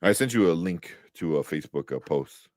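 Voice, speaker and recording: A man's voice: sits low, lively intonation, fairly quick, a little mellow, no room sound, clean studio sound. A man co-hosting a casual movie talk show, rambling with many fillers and restarts. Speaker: podcast co-host. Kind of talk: casual chat.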